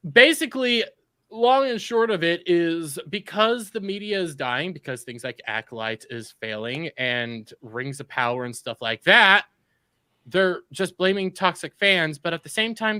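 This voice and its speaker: A man hosting a podcast in casual chat, joking and rambling through quick asides. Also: a little high, bright, forceful tone, smooth, dry recording. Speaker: podcast host.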